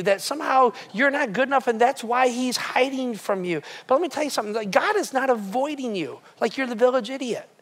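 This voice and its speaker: A pastor giving a conversational sermon, earnest and emphatic, with casual humor and a repeated refrain. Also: medium pitch. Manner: casual storytelling with fillers and humor.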